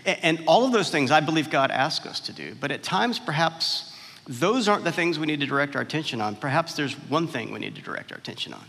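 A man's voice: fairly high pitch, expressive, a little fast, fairly bright tone. A male pastor preaching a sermon, emphatic and building on repeated phrases in a church hall. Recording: long reverb of a large hall.

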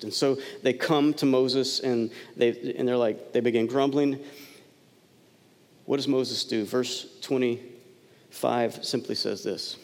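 Man preaching in a reverberant hall. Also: medium pitch. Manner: conversational preaching with sudden soft drops and emphatic rises. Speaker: pastor. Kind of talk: sermon.

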